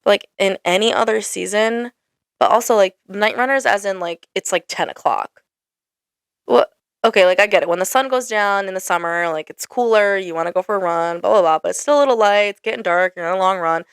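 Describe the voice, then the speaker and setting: A woman's voice: mid-range voice, a little fast, clean tone, no room sound, studio quality. A young woman hosting a casual ranting monologue, exasperated and full of "like" fillers. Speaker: podcast host.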